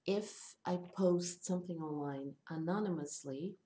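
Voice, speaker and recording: A woman teaching English in an online class, explaining slowly and rephrasing her points. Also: fairly low pitch, background noise.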